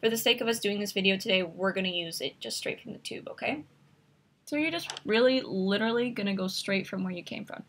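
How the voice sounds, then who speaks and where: A woman's voice: medium pitch, fairly quick, fairly bright tone, a little hiss or hum. A woman hosting a makeup tutorial, chatty and instructive as she talks through each step while demonstrating.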